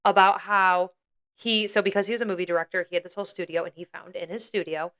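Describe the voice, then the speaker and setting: A woman's voice: mid-range voice, fairly even intonation, fast, a bit bright, smooth. A young woman co-hosting a podcast, casually retelling a story with lots of "like" and acted-out quotes. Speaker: podcast co-host.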